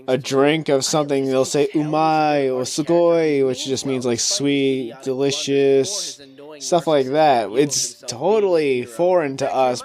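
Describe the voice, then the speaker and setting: A young man giving casual commentary on his own video review, ranting and swearing freely. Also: medium pitch. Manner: ranting, profane, animated.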